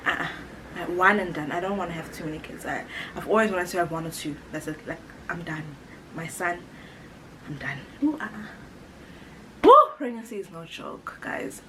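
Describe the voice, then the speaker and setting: This YouTuber is a South African woman in her late twenties, heavily pregnant, with a fairly low voice. She talks to camera in a chatty, animated way, laughing often and acting out quotes, over slight background noise and poor audio.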